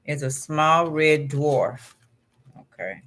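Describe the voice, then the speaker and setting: A man with a slightly high voice reads passages aloud in an unhurried way. He often breaks off into casual asides to his listener. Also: animated, fairly bright tone. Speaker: vlog host. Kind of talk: reading astrology text aloud and chatting.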